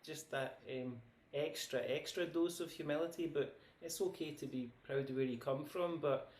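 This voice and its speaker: A Scottish man hosts a video panel, speaking thoughtfully and at an even pace. His voice is a little higher than most men's. The room around him rings noticeably. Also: normal speed. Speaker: host. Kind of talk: casual video panel chat. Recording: roomy video call audio.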